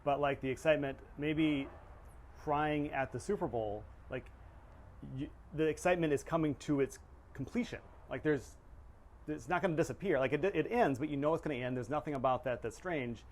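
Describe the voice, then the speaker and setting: A man's voice: on the high side, moderate pace, darkish tone, a little hiss or hum. A man hosting a podcast interview, reflective and hesitant, thinking aloud with many restarts. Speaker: podcast host. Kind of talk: casual interview conversation.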